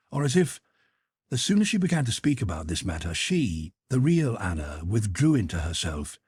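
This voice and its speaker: Reading a classic novel aloud, this audiobook narrator is measured and expressive, with a low, very husky voice that moves animatedly across a wide pitch range. The sound is close and dry, with no room sound.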